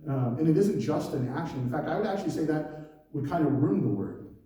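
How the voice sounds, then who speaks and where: Guy pastor giving a chatty sermon, mellow fairly high voice, big echoey church hall, mic kinda far off. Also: animated, moderate pace. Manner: conversational preaching with laughs and asides.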